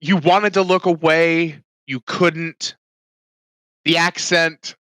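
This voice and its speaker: Bright lively guy joking around on a podcast, slow and dry sounding. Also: fairly high pitch, smooth, no echo. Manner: animated, joking, swears freely. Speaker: podcast co-host. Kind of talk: casual chat.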